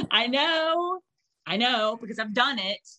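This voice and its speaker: A woman's voice: fairly high pitch, expressive, slow, pushed and bright. A woman co-hosting a casual podcast chat, joking and candid, swearing freely.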